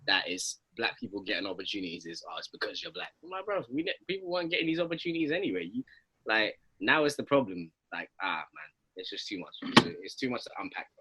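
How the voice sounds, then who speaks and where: A fast-talking man in loose podcast banter, quick and slangy. His voice is bright and a little husky, and he tends to go off on animated rants. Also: lowish voice, poor audio. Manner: animated, swearing, London slang. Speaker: podcast co-host. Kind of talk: casual chat.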